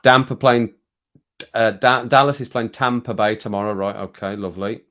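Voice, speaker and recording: A middle-aged man from the English Midlands, speaking with his local accent in a lowish voice. He chats casually to viewers on a home livestream, rambling from one thing to the next and chuckling along the way. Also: little pitch movement, normal speed, a bit bright. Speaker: livestream host. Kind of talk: casual chat with live viewers. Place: home streaming room.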